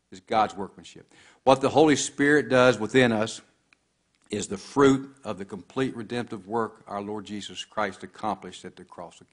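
Guy preaching a sermon, lowish voice, gets loud then drops way down on scripture. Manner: preaching with scripture quoted in old English, rising and falling emphasis.

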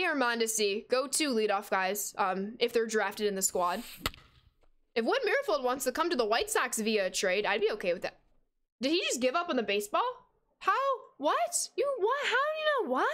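A young woman in her twenties streaming a baseball video game, chatting with viewers and reacting with sudden excited squeals. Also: on the high side. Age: 20s. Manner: chatty, reads out and answers chat while playing. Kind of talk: casual game stream chat.

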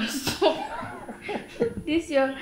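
A woman's voice: sits high, drawn-out words, roomy sound, music in the background. A woman with a Ghanaian accent playing an affectionate, generous girlfriend in a comedy drama, coaxing and tender. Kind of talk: comedic film acting, Ghanaian English.

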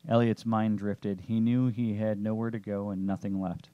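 A man narrating a story chapter in a steady, descriptive way. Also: on the low side, moderate pace, hardly any pauses, no echo, lo-fi sound.

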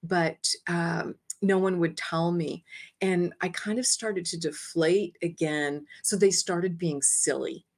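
A woman's voice: on the low side, takes it slowly. A woman, an interview guest, animatedly telling a personal story and often acting out her own words with light laughter. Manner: animated, expressive, often quoting herself; laughs lightly while speaking. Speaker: interview guest, energy healer.

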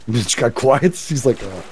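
Laughing male streamer, lively voice. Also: mid-range voice, measured pace, background noise. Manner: laughs often, jokey, talks to viewers. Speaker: streamer and co-op player. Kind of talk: casual gaming chat.

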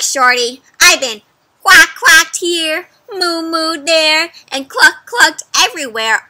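A woman reading aloud and voicing a frazzled old male farmer who talks loud and slow. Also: sits high, voice pushed up, full character voice.

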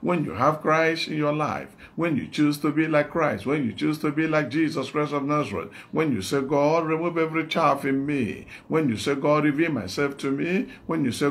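Speaking with a Nigerian English accent, a male evangelist preaches a sermon, repeating phrases in an exhorting, call-and-response manner. His voice is on the high side, at a moderate pace with few pauses.

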